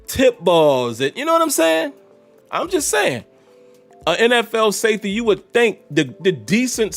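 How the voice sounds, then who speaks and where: A man hosting a solo podcast, talking casually and directly to his listeners. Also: on the high side. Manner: chatty, animated, talks straight to listeners. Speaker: podcast host.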